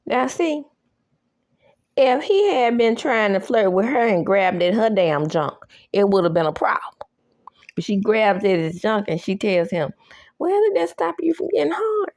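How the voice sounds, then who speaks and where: A woman's voice: mid-range voice, unhurried, a little mellow, dry recording, studio quality. A woman recapping a TV episode in a casual, sassy way, laughing often and acting out the characters' lines. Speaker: recap host. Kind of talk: casual show recap with reactions.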